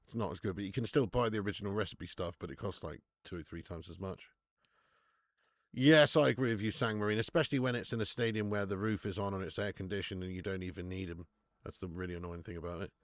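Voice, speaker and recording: Excitable man on a dry mic. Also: low-pitched, fast, no room sound. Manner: excitable, swears, reads chat comments aloud. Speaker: live-stream host. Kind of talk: casual football watch-along commentary.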